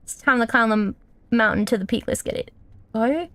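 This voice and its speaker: A woman's voice: a little high, brisk, fairly bright tone, dry recording. A young woman streamer giving casual gameplay commentary, swearing often and scolding the game character.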